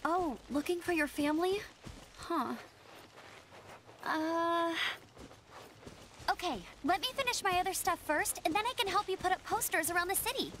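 An earnest young scout knight. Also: female voice, very high-pitched, moderate pace, pauses often, fairly bright tone, slight background noise. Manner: formal, a bit suspicious, earnest. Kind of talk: game voice acting. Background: game music.

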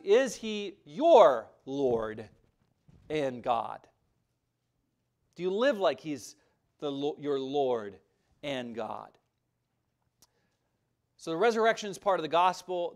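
Male pastor, emphatic conversational sermon, high and lively voice, quick asides.

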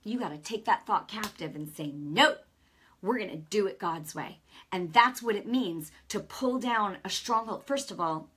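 A woman's voice: mid-range voice, moderate pace, a bit bright, slightly rough. A middle-aged woman hosting a Christian broadcast, preaching straight to viewers in a conversational, emphatic way. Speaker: host and Christian teacher. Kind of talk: preaching to camera.

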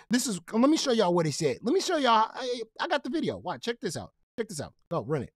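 A man's voice: sits high, wildly swooping pitch, fast, hardly any pauses, breathy edge, dry recording, studio quality. A man hosting a gaming commentary channel, ranting in a profane, confrontational way and repeating himself when heated.

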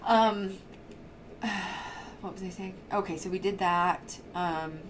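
A woman's voice: medium pitch, steady tone, slow pace, slight background noise. A woman hosting a casual paranormal podcast, chatting in a bubbly, rambling way and telling stories. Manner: bubbly, rambling storyteller with frequent laughs. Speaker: podcast host. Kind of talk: casual chat.

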